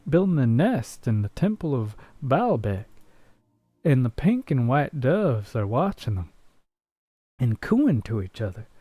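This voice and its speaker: A man's voice: fairly high pitch, dark tone, pitched above the performer's own voice. A man voicing a small, loyal male swallow with a raised, earnest voice.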